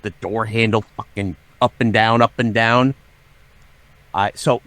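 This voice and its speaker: A middle-aged man, a podcast guest, telling a story with lots of swearing and dramatic acted-out shouting. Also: fairly low pitch, steady tone, measured pace. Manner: profane, dramatic, acts out his own shouting. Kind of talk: animated storytelling.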